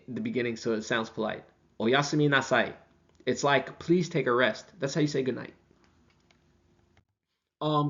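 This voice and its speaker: A man teaching a language class, casually explaining and slowing down to repeat example phrases. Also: mid-range voice, highs cut off.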